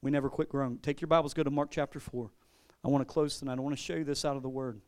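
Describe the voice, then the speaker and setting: A man's voice: mid-range voice, fairly even intonation, very fast, darkish tone. A man pastor giving a sermon with a personal testimony, talking in a loose, conversational way and often repeating his words. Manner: conversational, repeats words, laughs, acts out quotes.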